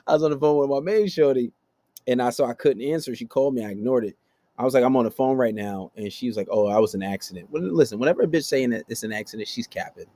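On his podcast, a young male host riffs through a casual, profane story about dating, telling it with high-pitched imitations of the people involved.

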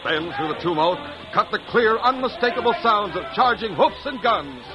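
A man's voice: high voice, animated, moderate pace, loud music behind the voice. A man narrating a 1940s radio drama with vivid, dramatic storytelling. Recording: dull old radio, loud hiss.

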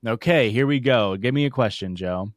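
A man's voice: mid-range voice, moderate pace, no room sound. A man co-hosting a podcast, trading jokes and laughing often in casual banter. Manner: joking, riffing, laughs often. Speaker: podcast co-host.

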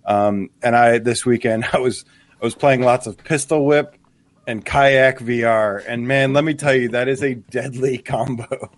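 A man's voice: medium pitch, steady tone, a little slow. Laughing, chatty male podcast co-host. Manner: enthusiastic, laughs often, restarts. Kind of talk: casual live show banter.

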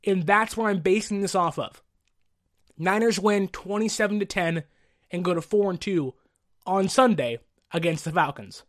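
A man's voice: high voice, moderate pace. A man hosting a solo sports podcast with a sick voice, talking with confidence and repeating his points for emphasis.

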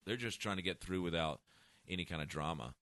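A man's voice: deep voice, brisk, sharp tone, no echo. A man who is a stand-up comedian, telling blunt, profane stories in casual chat. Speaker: comedian guest.

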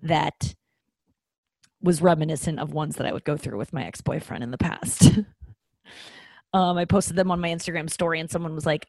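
A woman's voice: deep voice, brisk, a little mellow, no echo. A woman in her thirties, a comedian hosting her own podcast, talking in a candid, rambling, self-deprecating way with some swearing. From American. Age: 30s. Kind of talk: casual solo podcast monologue.

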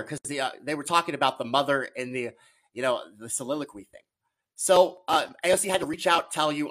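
Man, podcast guest, a bit high-pitched, teasing, argumentative, casual chat. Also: a little fast, fairly bright tone.

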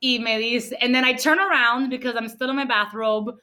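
A Cuban-American woman hosting a podcast, telling stories in an animated way and mixing Spanish into her English. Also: fairly high pitch, fairly quick. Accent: Cuban-American Miami. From Cuba, raised in Miami. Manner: animated, mixes Spanish into English, lively storytelling. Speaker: podcast host. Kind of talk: casual chat.

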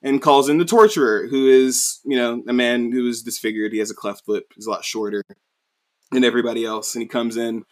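A man co-hosting a podcast, talking at a middling pitch. He recaps a story in loose, casual chat and leans on "you know" and "like" as he goes. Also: fairly even intonation, fairly quick. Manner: rambling, heavy use of "you know" and "like". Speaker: podcast co-host.

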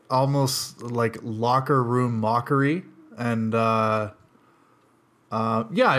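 Dry, teasing Canadian man, mid-pitched. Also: fairly bright tone. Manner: dry, teasing, drawn-out storytelling. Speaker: podcast guest. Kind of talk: casual chat.

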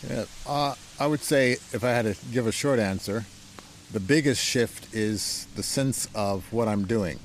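A man's voice: lowish voice, measured pace, a little hiss or hum. A man who plays the piano speaks in an interview about his practice. He is reflective and uses spiritual wording, circling back on his phrases, seated at the piano in his home. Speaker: pianist guest.

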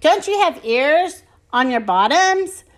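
A bossy little alien commander who barks and scolds her crew, played by a woman reading a storybook aloud. Her voice is high and lively, with sharp, indignant bursts. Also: slow pace, exaggerated voice. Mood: scolding. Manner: scolding and shouting. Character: bossy female alien mother general.

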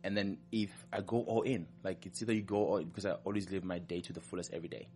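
A man's voice: low-pitched, steady tone, fast talker, a little mellow. A man with a non-American accent, a professional dancer chatting as a guest in an interview, upbeat and emphatic, often repeating himself. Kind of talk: casual interview chat.

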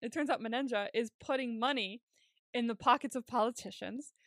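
A woman's voice: on the high side, a little fast, fairly bright tone, dry recording, studio quality. A young woman co-hosting a podcast, chatting casually and laughing often as she retells scenes. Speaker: podcast co-host. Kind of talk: casual recap chat.

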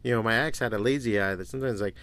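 A man's voice: on the low side, rapid-fire, fairly bright tone, dry recording. A man in his forties hosting a solo podcast, telling stories in a crude, rambling way and swearing freely. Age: 40s. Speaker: podcast host. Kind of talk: casual solo podcast monologue.

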